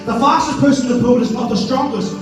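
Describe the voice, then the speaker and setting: A man's voice: extremely high pitch, brisk. A man preaching a sermon in a church, telling a story and building to impassioned preaching. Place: church sanctuary. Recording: echoey distant church hall with music. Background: music.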